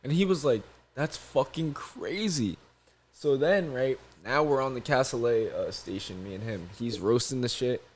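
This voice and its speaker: A man's voice: mid-range voice, moderate pace, hardly any pauses. A young man co-hosting a podcast, telling a story in casual chat, profane and laughing often. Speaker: podcast co-host.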